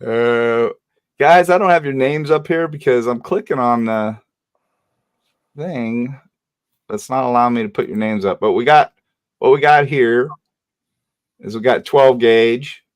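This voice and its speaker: A man hosting a panel livestream, telling a story in a casual way and acting out the shouted lines of others in a raised voice. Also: medium pitch, unhurried, long pauses, clear, resonant tone, no echo. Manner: animated, acts out shouted quotes in a raised voice. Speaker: host.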